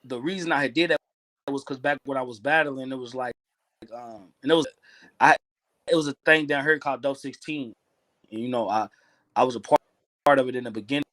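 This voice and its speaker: A man's voice: medium pitch, fairly quick, pauses often, a bit bright, dry recording. A man in his thirties with a Kentucky Southern accent, a rapper telling stories in a casual interview, laid-back and full of slang. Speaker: rapper guest.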